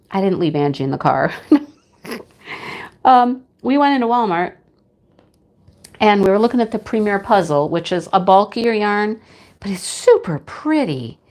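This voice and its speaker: A woman's voice: medium pitch, a little mellow. A middle-aged woman hosting a casual livestream, chatting with viewers by name and laughing often. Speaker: livestream host.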